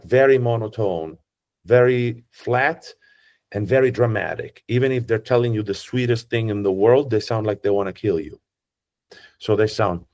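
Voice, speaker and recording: A man with an Italian accent, a tour guide explaining regional languages in an animated way. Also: medium pitch. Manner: animated, often imitates the sounds he describes. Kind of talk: explanatory talk.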